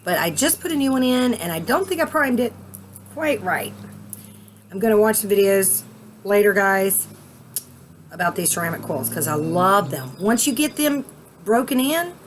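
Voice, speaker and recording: A woman vlogging casually outdoors at a cabin, chatty and excitable, rambling with fillers. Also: medium pitch, moderate pace, a little hiss or hum. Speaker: vape vlogger. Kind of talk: casual vlog chat.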